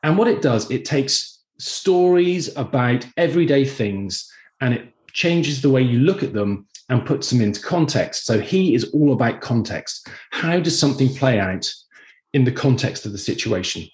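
A man chats as a podcast guest in a roomy, echoey space. His pitch moves a lot as he tells anecdotes. He talks in an easy, animated way. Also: normal speed. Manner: animated storyteller, acts out quoted voices. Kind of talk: casual podcast conversation.

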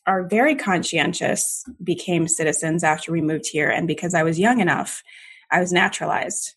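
A woman comedian born in Jamaica and raised in Maryland, guesting on a podcast. Her voice is low and a little husky, and she tells her stories in a playful, quick-witted way. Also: fairly bright tone. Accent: none, American. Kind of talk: casual interview.

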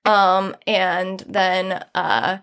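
A woman's voice: medium pitch, flat delivery, drawn-out words, a bit bright. A young woman hosting a podcast, candidly telling a personal story in a rambling way, with many fillers and laughter through hard moments. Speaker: podcast host.

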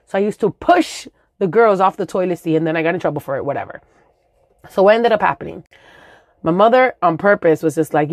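A young woman telling a profane, animated comic story about her childhood. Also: deep voice, a little fast, no room sound, clean studio sound. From Brooklyn, New York. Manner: animated, profane, acts out voices in shrieks.

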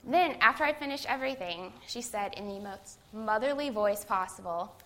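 A woman's voice: mid-range voice, animated, moderate pace, a bit bright. A young adult woman, a seminary student, giving a conversational sermon that opens with a self-deprecating personal story.

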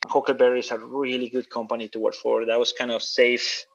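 A man's voice: medium pitch, flat delivery, a little fast, vocal fry. Man, interview guest, casual storyteller, says dude a lot, muffled lo-fi audio. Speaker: guest, coffee roaster.

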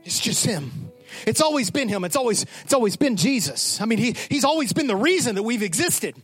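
A male pastor preaching with passion, rising to shouts and dropping to whispered, chanted repetitions. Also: very high-pitched, big pitch swings, brisk, breathy edge, faint music behind. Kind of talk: sermon.

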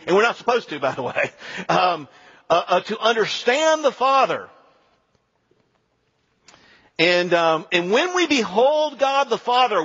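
A male pastor preaching a sermon in an animated, conversational way with frequent asides. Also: high-pitched, slightly rough, long reverb tail, dull audio.

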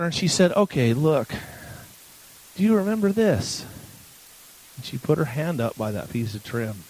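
A man's voice: on the high side, slight background noise, rough recording. A man in his forties giving a sermon as a guest preacher, telling a personal story in a candid, conversational way. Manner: candid, conversational, restarts when emotional.

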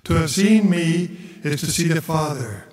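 Priest guy preaching real slow, kinda high voice, far off mic in a big echoey church. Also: darkish tone, soft background music. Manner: slow, measured preaching with chanted gospel reading. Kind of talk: homily.

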